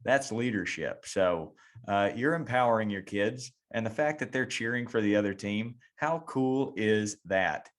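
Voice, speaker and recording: A man's voice: lowish voice, unhurried. A man hosting a coaching podcast, speaking in a reflective, encouraging way. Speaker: podcast host. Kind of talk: casual chat.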